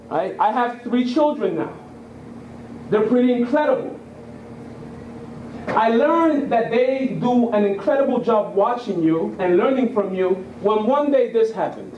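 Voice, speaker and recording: High-voiced man from Puerto Rico, speaking. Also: a little mellow, echoey room, recorded from a distance, highs cut off, slight background noise. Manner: conversational storyteller, keeps asking "right?". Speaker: guest speaker. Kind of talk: public talk. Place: lecture room.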